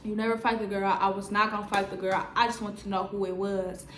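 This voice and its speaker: A woman in her twenties telling a story on her vlog in a lively, slangy way, full of "like" fillers. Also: medium pitch, fast, roomy sound, a little hiss or hum. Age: 20s. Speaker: vlogger. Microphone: on-camera mic.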